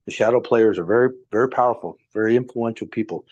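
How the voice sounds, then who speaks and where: An older man with a lowish voice, a retired police officer from Nevada spinning a story off the cuff. He rambles, stalls on fillers and circles back before reaching his point. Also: fast, darkish tone. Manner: rambling, hesitant with many uh's. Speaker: guest, former police officer. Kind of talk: casual storytelling on a live stream.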